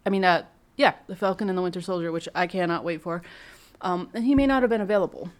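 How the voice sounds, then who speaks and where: A woman giving a casual, excited fan review, rambling and emotional as she talks. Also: lowish voice, quick pace.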